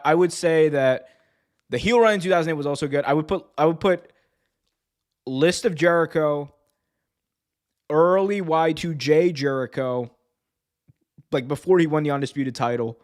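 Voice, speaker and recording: Rambling, self-correcting male podcast host. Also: medium pitch. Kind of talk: casual wrestling news chat.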